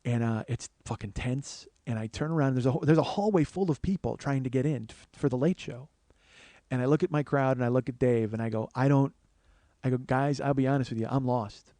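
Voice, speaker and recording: A man's voice: mid-range voice, brisk, no room sound. A comedian in his forties telling a personal story on a podcast, swearing often and acting out other people's lines. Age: 40s. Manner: animated storyteller, swears often, acts out the crowd in a raised voice.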